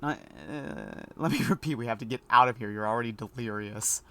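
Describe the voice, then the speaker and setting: A man commenting on a video game as he plays, reading characters' lines aloud. His voice sits at an ordinary middle pitch, and he stays playful and animated, often joking between lines. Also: fairly quick. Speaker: streamer. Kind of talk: let's play commentary.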